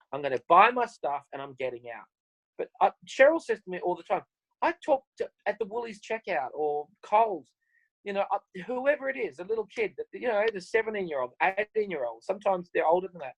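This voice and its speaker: Australian man, high voice, very lively pitch, upbeat storyteller, video call. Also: no room sound, rough recording. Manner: upbeat, animated, acts out conversations. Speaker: guest speaker.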